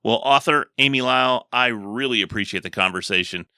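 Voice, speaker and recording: Bright-voiced man hosting a podcast. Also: medium pitch, a little fast, creaky, no room sound, clean studio sound. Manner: friendly, laughs along easily. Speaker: podcast host. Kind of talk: casual podcast interview.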